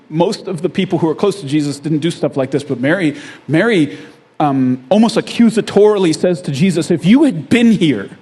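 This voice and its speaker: A pastor preaches in a conversational, storytelling style, animatedly checking in with the congregation with frequent "right?" asides and chuckling at his own lines. His voice is fairly high and slightly rough.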